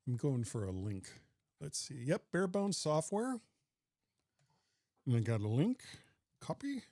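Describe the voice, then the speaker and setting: A man hosting a tech podcast, chatting in an animated way. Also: on the high side, unhurried, dry recording, studio quality. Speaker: podcast host. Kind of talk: casual tech podcast chat.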